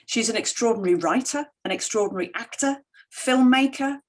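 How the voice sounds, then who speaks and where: A middle-aged woman with a fairly high voice speaks briskly while delivering a conference keynote with slides. She tells stories animatedly and quotes other people in lively voices.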